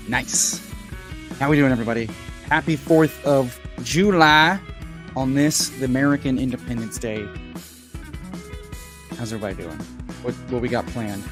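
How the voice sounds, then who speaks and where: Hyped, folksy man hosting a livestream. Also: medium pitch. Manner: hyped and folksy, keeps calling people brother; bursts into loud shouted pep talk. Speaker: host. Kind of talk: casual livestream chat. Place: home.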